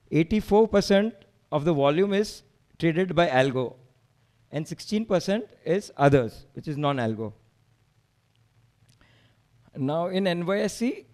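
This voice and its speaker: Indian male presenter, a little higher-pitched than most, emphatic meetup talk. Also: a little mellow. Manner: emphatic, rallying, rhetorical questions. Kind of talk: slide presentation to a live audience.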